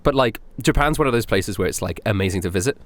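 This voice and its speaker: A man's voice: lowish voice, expressive, fast talker. A young man from Europe co-hosting a podcast, rambling through travel stories with laughs and acted-out voices. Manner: rambling anecdotes, laughing, acting out other people's lines. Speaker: podcast co-host. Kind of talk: casual chat.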